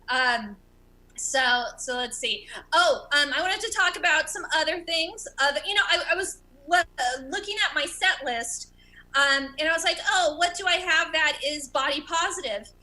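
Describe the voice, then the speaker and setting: A woman in her thirties performs stand-up over a video call, stuttering openly as she jokes about herself. Her voice sits high and bright. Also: rough recording. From America. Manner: stutters, self-deprecating. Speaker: stand-up comedian.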